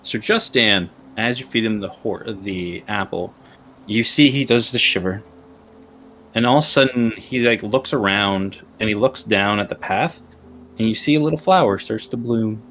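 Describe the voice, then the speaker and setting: A man's voice: on the low side, moderate pace, fairly bright tone, slight background noise. A man running a tabletop game as game master, narrating playfully and laughing often.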